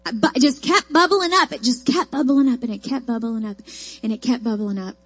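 A woman's voice: on the high side, fairly quick, a bit bright, slightly rough. A woman preaching a sermon, mixing folksy personal stories with emphatic, rising declarations.

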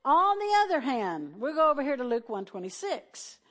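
A woman's voice: sits high, sing-song, fairly bright tone. Woman preaching to a congregation. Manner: conversational, addresses congregation as y'all, reads scripture aloud; slows and stretches key phrases for emphasis. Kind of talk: sermon.

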